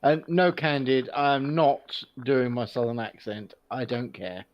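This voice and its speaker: A man's voice: mid-range voice, a little slow, muffled recording. A man co-hosting a casual stream who makes puns and plays innocent. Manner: punning, mock-innocent joker. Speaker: stream co-host.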